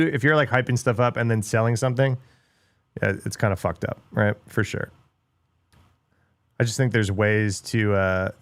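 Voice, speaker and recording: A man's voice: fairly low pitch, no echo. Blunt, swearing man ranting on a livestream. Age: middle-aged. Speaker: livestream host. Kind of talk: casual livestream chat, reacting to videos.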